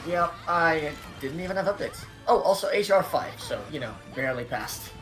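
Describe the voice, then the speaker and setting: A man's voice: a little high, expressive, normal speed, fairly bright tone, faint music behind. Rambling male gamer on voice chat. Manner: rambling, unsure, laughs along. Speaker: guest co-player. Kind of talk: casual chat over voice call.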